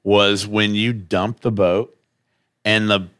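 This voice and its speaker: A man's voice: on the low side, takes it slowly. A man hosting a casual podcast chat who jokes around, swears freely and acts out little scenes. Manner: animated joking, profane, acts out scenes. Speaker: podcast host.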